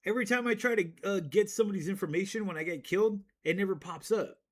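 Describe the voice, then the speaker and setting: Profane rambling man, slightly high voice. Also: fast. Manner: profane, rambling, laughs at himself. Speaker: streamer. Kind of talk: casual rant to stream chat.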